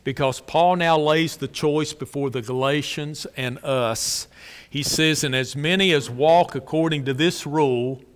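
A man delivers a sermon at a measured, unhurried pace, his voice fairly high for a man and smooth and clear. He preaches emphatically, swelling loud and then dropping low to drive points home. A long reverb hangs in the hall around him. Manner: slow, emphatic preaching with swells and drops in volume. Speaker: pastor.

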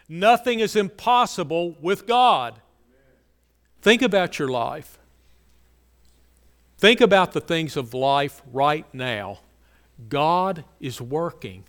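A fairly high-voiced man preaching in a church sanctuary, his words ringing with a long reverb. His tone is smooth and resonant, and he repeats key phrases for emphasis before falling to quiet, low lines. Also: sing-song, takes it slowly, long pauses. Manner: earnest preaching, repetitive emphasis, drops to soft low lines. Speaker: pastor. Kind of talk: sermon.

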